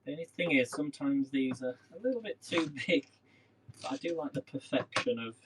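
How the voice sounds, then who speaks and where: Brief: man, mid-pitched, easygoing cooking-stream host, talks while he chops, noisy kitchen recording. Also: brisk. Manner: chatty, rambling, talks to viewers while working. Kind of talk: casual live cooking demo. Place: home kitchen.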